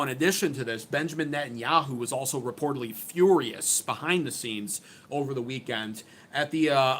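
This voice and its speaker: Here the voice is medium-pitched and fairly bright, belonging to a man from the United States. Hosting his own channel, he gives sarcastic, emphatic political commentary full of opinion and keeps restarting his sentences.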